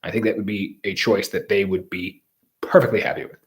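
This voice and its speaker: A man's voice: fairly low pitch, fairly even intonation, fairly quick. A man giving solo football draft commentary in an opinionated, rambling and emphatic way. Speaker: sports commentator.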